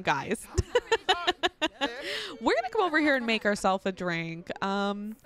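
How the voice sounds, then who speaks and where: A young woman giving excited, gushing gameplay commentary, laughing often. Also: mid-range voice. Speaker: let's play host.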